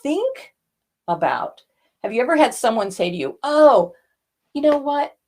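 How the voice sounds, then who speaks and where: A woman's voice: high-pitched, very animated, measured pace, darkish tone. An older woman, a voice coach, teaching a lesson and demonstrating vocal effects as she explains.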